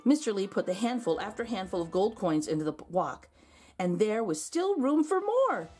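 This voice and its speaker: A woman reading a children's picture book aloud, expressive with gentle asides. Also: mid-range voice, moderate pace, breathy edge, soft background music.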